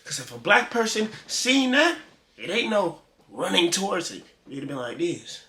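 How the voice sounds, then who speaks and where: A man's voice: high-pitched, very animated, normal speed, sharp tone. A man hosting a reaction video, giving casual, joking, slang-filled commentary.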